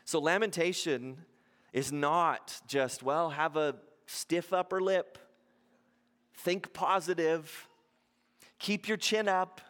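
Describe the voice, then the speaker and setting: An earnest male pastor preaching with a fairly high voice that rises and swells when he cries out prayers. The sound rings with the long reverb of a large hall. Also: slow pace, a bit bright. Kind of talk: sermon.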